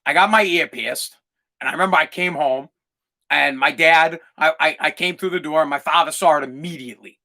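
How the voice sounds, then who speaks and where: A man's voice: fairly high pitch, fairly quick, bright, forceful tone. Blunt, profane man ranting on a podcast. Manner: blunt, profane, heated storytelling. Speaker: podcast host. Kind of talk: ranting monologue.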